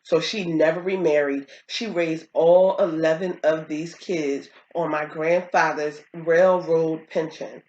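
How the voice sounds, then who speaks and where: A woman co-hosting a casual talk show, telling family stories and acting out quotes in a higher voice. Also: slow pace, few pauses. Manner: animated, acts out quotes in a high voice. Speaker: co-host. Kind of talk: casual storytelling chat. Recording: roomy, dull lo-fi sound.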